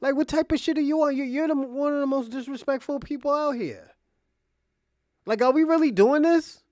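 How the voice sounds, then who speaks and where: A man's voice: very high voice, normal speed, darkish tone, no echo, clean studio sound. A man giving heated reaction commentary, angry and profane, ranting in disbelief. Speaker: commentary streamer.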